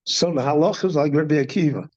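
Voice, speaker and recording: An older man, a rabbi, giving a slow, deliberate Torah class in a synagogue, posing questions and then answering them. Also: a little high, highs cut off. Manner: measured teaching, poses questions and answers them.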